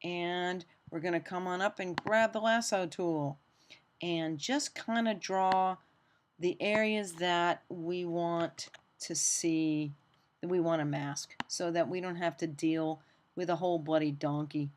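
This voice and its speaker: A woman with a somewhat low voice leads a screen-recorded software tutorial, chatting as she works and poking fun at her own mistakes. Faint background noise runs under her voice. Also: fairly even intonation, takes it slowly. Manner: chatty, self-deprecating, talks while working. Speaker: teacher.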